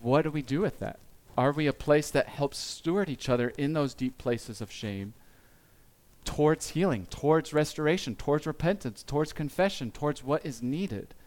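A man giving a sermon as pastor, speaking earnestly and confessionally, with pauses and small restarts. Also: fairly high pitch, expressive, darkish tone.

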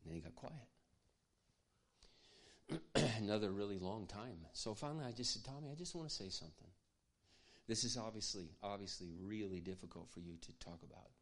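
A man preaching, telling a personal story in an earnest, confiding way that often drops to a hush. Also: on the low side, animated, brisk, pauses often. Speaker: pastor. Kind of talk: sermon storytelling.

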